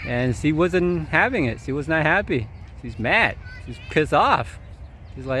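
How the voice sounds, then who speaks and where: Male vlogger, mid-pitched, rambling and chuckly, shot outdoors with faint background noise. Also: lively intonation, moderate pace, fairly bright tone. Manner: meandering, chuckling, filler-heavy. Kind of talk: rambling personal storytelling. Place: outdoors at sunset.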